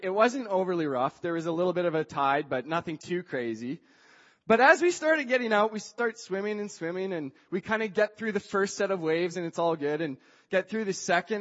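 Male storyteller, high-pitched, lively and conversational, dull lo-fi recording. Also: in a large hall. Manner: chatty, acts out quoted dialogue, frequent "like" fillers. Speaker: speaker telling a personal story. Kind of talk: animated personal storytelling with a moral.

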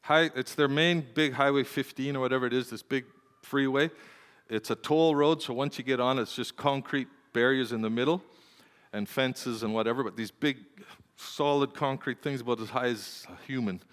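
An older man, a preacher and grandparent, telling a personal story in a sermon, moving from quiet storytelling to urgent, impassioned pleading. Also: medium pitch, moderate pace, clear, resonant tone. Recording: hall with long reverb.

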